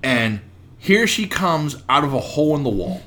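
A man's voice: on the high side, very animated, moderate pace, bright, forceful tone. A man co-hosting a podcast, telling a rambling household anecdote in casual chat. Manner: rambling anecdotes, acts out others' lines. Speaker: podcast co-host.

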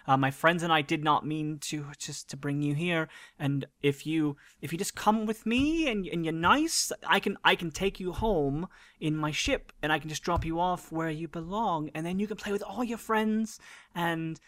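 A woman's voice: low voice, normal speed, no echo, close to an everyday voice. A woman voicing a friendly woman time traveller who soothes a scared wolf, coaxing it like a pet dog, in a tabletop game. Her voice stays close to her own.

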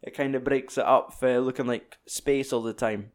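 A man's voice: mid-range voice, fairly even intonation, normal speed. A man with a Scottish accent chatting casually and jokily about films, swearing freely and acting out lines. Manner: sweary, jokey, acts out film lines in other voices.

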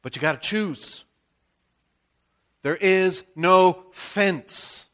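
An American man, a pastor, preaching a sermon in a conversational, animated storytelling way with frequent asides. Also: high voice, drawn-out words.

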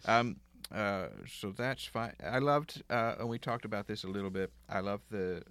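Deep-voiced man hosting a casual podcast. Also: normal speed, a bit bright, dry recording. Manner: rambling, chuckling, many fillers. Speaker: podcast host. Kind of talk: casual interview chat.

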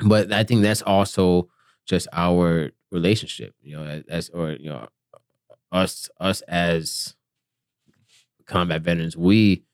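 A man who is a combat veteran, speaking in casual chat with a stutter and halting restarts. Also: low-pitched, steady tone, clear, resonant tone, dry recording, studio quality. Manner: stuttering, halting, trails off quietly.

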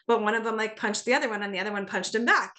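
A middle-aged woman, a parenting coach, chatting on a podcast and telling stories with lively acted-out dialogue. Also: medium pitch, rapid-fire. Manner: animated storyteller, acts out dialogue. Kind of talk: casual podcast conversation.

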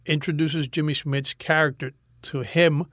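A man with a Cuban American accent talks through his acting work in a relaxed interview, his voice sitting a little high. He is animated and often circles back over his own words. The sound is close and dry, with no room around it. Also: normal speed, no echo. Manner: animated storyteller, restarts and repeats words. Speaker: actor, interview guest. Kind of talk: casual interview chat.

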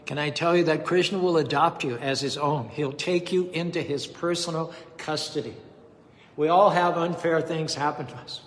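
Emphatic male preacher in echoing hall. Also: on the high side. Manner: emphatic, rhythmic preaching with slow stressed phrases. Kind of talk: sermon.

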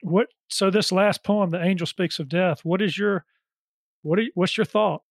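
A male interviewer with a slightly high voice stumbles through his questions, filling the gaps with fillers and restarts. The recording is dry and close, with no room sound. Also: no echo. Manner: halting, with filler words and restarts. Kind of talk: radio interview.

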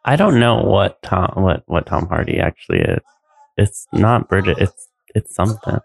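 A man's voice: low-pitched, wildly swooping pitch, moderate pace, creaky. A man co-hosting a comedy podcast, telling stories in a rambling, filler-heavy way. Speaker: podcast co-host. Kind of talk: casual comedic chat.

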